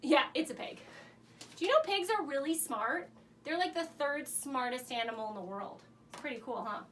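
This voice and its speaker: A woman's voice: high-pitched, moderate pace, far from the mic. A woman hosting a children's show, cheering young viewers on as they guess animals in a game of charades. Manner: animated, encouraging, speaks to kids at home. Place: home laundry room. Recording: a bit away from the mic, faint room hum.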